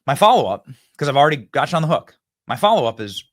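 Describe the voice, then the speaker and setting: Animated male political show host. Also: a little high, racing. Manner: animated, repeats phrases, acts out debate lines. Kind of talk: energetic political monologue.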